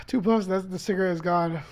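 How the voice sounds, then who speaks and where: A man who is a podcast guest, telling a story in casual chat, animated and profane, acting out what people said. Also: high voice.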